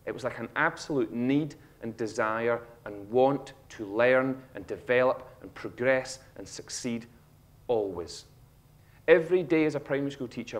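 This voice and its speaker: A man in his thirties with a Scottish accent, giving a humorous motivational talk on stage and acting out a child's lines with animated storytelling. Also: mid-range voice. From Scotland. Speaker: speaker. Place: auditorium stage.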